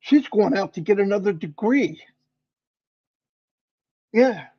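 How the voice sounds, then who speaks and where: A man hosting a livestream, giving an animated, folksy motivational talk. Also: high-pitched, slow pace, dull audio. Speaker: livestream host.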